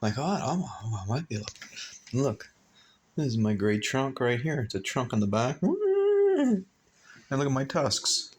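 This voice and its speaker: A man's voice: medium pitch, wildly swooping pitch, measured pace, a little mellow, slight background noise. A man on a pilgrimage talking to his phone camera in a hotel room, rambling and emotional as he thinks aloud. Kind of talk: rambling vlog monologue.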